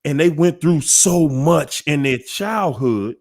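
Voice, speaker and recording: A man's voice: on the high side, slow. A man hosting a live question-and-answer talk, speaking emphatically and acting out other people's words. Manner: animated, emphatic, quotes people in voices. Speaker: host.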